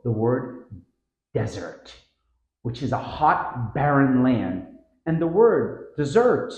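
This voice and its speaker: A man's voice: medium pitch, warm tone, roomy sound, muffled recording. A man narrating a scripted pronunciation lesson, drawing out the words he models. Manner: slow, drawn-out model words with stressed syllables. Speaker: pronunciation teacher.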